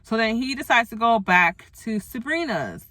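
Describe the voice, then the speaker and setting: Bright, animated woman recapping TV. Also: a little high, normal speed, no room sound. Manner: animated, exclamatory, chatty asides to viewers. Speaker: TV recap vlogger. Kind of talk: casual TV episode recap.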